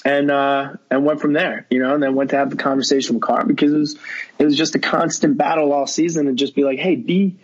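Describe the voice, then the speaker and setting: A man's voice: medium pitch, little pitch movement, fast talker, breathy edge, highs cut off. A young man talking as a podcast guest, telling a long story in rambling casual chat full of fillers and quoted dialogue.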